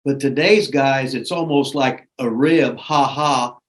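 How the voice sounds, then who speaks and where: An older man, a veteran trainer, in casual chat, gruff and profane, breaking into loud outbursts when he tells stories. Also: mid-range voice, slow pace.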